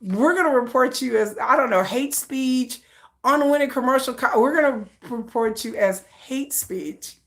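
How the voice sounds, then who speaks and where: Female livestream host, casual chat, laughs a lot, teasing, bright tone. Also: high-pitched, unhurried. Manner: giggly, teasing, laughs often.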